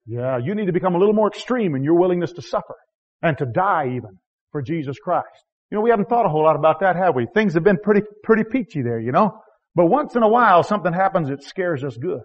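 A man preaching a sermon in a folksy, self-deprecating way, with rhetorical questions, swinging from loud, high exhortation to quiet, low asides. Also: expressive, fast, muffled recording.

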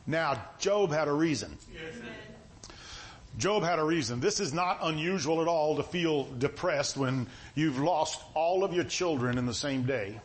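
A middle-aged male preacher with a notably high voice, talking through a sermon in a folksy, conversational style. His tone comes across as stern even when he means nothing by it, and he often circles back and repeats himself. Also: measured pace, a little hiss or hum. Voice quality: sounds stern even when not angry.

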